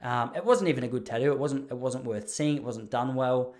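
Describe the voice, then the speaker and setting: A man's voice: medium pitch, fairly quick, a little mellow. Chatty Australian man telling stories. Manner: chatty, self-deprecating, laughs at his own stories. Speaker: podcast host. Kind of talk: casual storytelling monologue.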